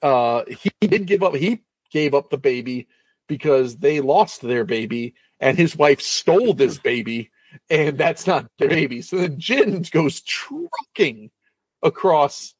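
A man's voice: medium pitch, expressive, measured pace, breathy edge, no echo. A man casually recapping a film plot in a rambling, swearing storytelling manner, as a co-host.

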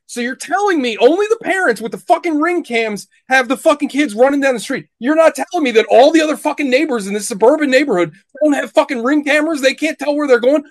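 A high-voiced man rants through a casual podcast chat, swearing often and sounding thoroughly exasperated. The sound is dry and close, with no room around him. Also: dry recording. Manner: profane, ranting, exasperated. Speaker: podcast co-host. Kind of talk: casual movie-review chat.

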